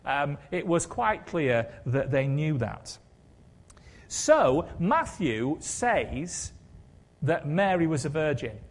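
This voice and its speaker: A man's voice: on the high side, very animated, slow. A man preaching a sermon in a conversational way, with wry humour and rhetorical questions.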